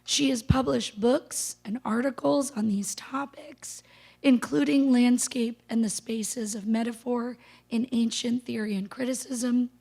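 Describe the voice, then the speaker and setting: A woman with a hoarse voice she has lost, giving a formal introduction of a guest lecturer into a handheld microphone, partly whispering. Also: a little high, mellow. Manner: apologetic, partly whispered delivery. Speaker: faculty member introducing the speaker. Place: lecture room.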